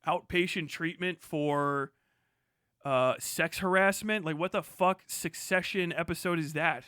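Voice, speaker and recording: A man with a high voice rants on a live stream, swearing heavily and firing off heated lines one after another. The sound is dry and close, with no room around it. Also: fairly bright tone, dry recording. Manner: heated, swearing, rapid-fire ranting. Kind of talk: profane livestream rant.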